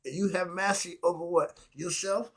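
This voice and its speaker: Man, husky and slightly high-pitched, emphatic casual lecturer. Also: steady tone, fairly quick. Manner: emphatic, repetitive rhetorical questions, laughs often. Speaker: philosophy vlogger. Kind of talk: casual preaching monologue.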